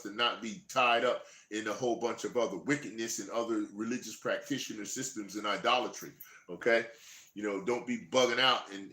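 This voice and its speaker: A man teaching from scripture, drawing out the verses slowly before jumping into lively, chuckling commentary. His voice is bright and forceful, and it rings in an echoey room. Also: on the low side. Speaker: Bible teacher. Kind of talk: Bible study, reading scripture aloud.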